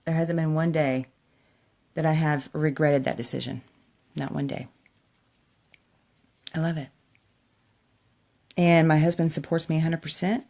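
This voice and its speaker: Woman, middle-aged, makeup vlog, casual chat, emotional, lower voice, laughs often. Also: steady tone, measured pace, gravelly, pauses often, darkish tone. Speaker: makeup vlogger. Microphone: camera in front of her.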